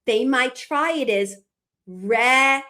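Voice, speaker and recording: Slow, high-voiced woman explaining. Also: expressive, a bit bright. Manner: patient, walks through examples step by step. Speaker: podcast co-host explaining reading instruction. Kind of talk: explanatory podcast talk.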